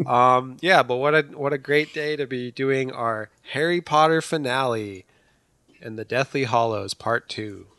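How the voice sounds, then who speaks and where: A man's voice: medium pitch, measured pace, a bit bright, no echo. A man co-hosting a podcast, chatting casually in a laid-back way with his friends. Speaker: podcast co-host. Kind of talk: casual chat.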